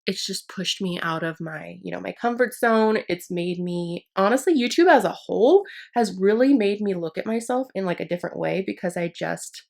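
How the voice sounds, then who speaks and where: A woman's voice: mid-range voice, lively intonation, moderate pace, creaky, few pauses. A young woman chatting casually to her viewers while doing her makeup, rambling and upbeat. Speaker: beauty YouTuber. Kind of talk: casual get-ready-with-me chat.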